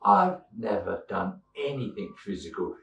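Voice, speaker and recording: A man's voice: lowish voice, sing-song, unhurried, gravelly, far from the mic. A man in his seventies telling bawdy, rambling anecdotes as a podcast co-host. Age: 70s. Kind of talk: casual chat, storytelling. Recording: echoey room, away from the mic.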